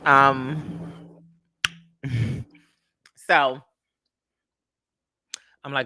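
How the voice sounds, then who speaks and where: A man's voice: medium pitch, big pitch swings, very slow, long pauses, sharp tone, no room sound, studio quality. A young man hosting a casual livestream, telling a story in a sassy, chatty way and greeting viewers by name. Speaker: livestream host.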